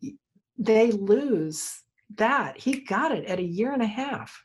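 Woman therapist as interview guest, husky voice, animated storyteller. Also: fairly high pitch, slow. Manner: animated storyteller, acts out quoted dialogue.

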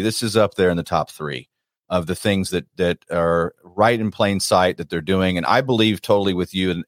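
A man's voice: no echo, clean studio sound. A man hosting a casual interview, emphatic, acting out quotes in a raised voice. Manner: emphatic, acting out other people's words in a higher voice. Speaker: interview host.

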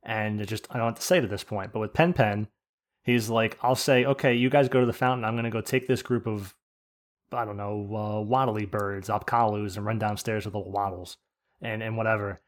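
A man's voice: on the low side, steady tone, fairly quick. A man who leads a game group, chatting casually and acting out the other players as he tells stories. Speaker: group leader discussing a game. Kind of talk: casual podcast chat.

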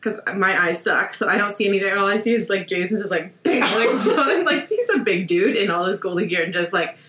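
A woman chatting casually as a guest, full of "like" and quick laughs. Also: medium pitch, expressive, background noise. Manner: chatty, peppers speech with "like" and laughs. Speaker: guest, wife of a player. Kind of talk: casual podcast chat. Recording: roomy echo.

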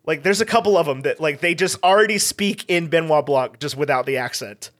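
A man from the American South, chatting casually as a podcast guest in an animated way, swearing and laughing a lot. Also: on the high side, brisk.

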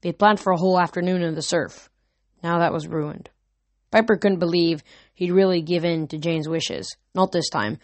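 A woman narrating an audiobook in a steady, earnest storytelling manner, recorded close. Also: fairly low pitch, normal speed, no echo.

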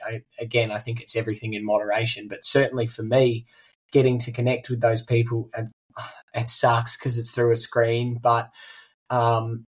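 A teenage man with an Australian accent, chatting casually as a guest in an interview, with lots of ums and restarts. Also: medium pitch. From regional New South Wales, Australia. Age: teens. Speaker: guest musician.

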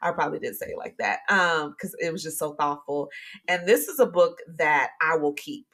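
Chatty woman podcast host, lower voice. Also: moderate pace. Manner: animated, chatty, with sudden high exclamations; talks to listeners directly and warmly encouraging. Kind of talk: casual devotional podcast talk.

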